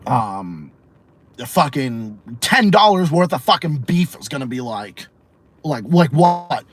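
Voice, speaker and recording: A man's voice: mid-range voice, sing-song, slow pace. A man from Massachusetts with a Massachusetts accent, hosting a livestream podcast and ranting bluntly with heavy swearing while answering chat. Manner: profane, blunt and opinionated. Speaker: podcast host.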